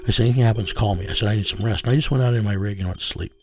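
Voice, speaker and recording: A man's voice: on the low side, rapid-fire, darkish tone. A middle-aged man, telling a first-person story in a plain, conversational way and acting out the dialogue. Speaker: private investigator.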